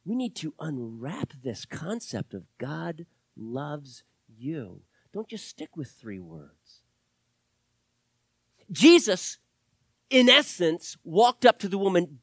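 A middle-aged male pastor preaching with a very lively voice that climbs into loud exclamations and drops to near-whispered asides. He takes his time and leans on each phrase. The recording is dry and close, with no room echo. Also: on the high side, takes it slowly, breathy edge. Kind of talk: sermon.

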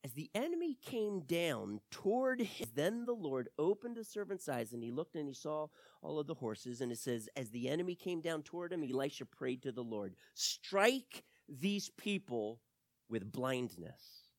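A preacher delivering a sermon, telling a Bible story in an animated, emphatic way, swinging between loud highs and quiet lows. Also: normal speed, hardly any pauses, no room sound.

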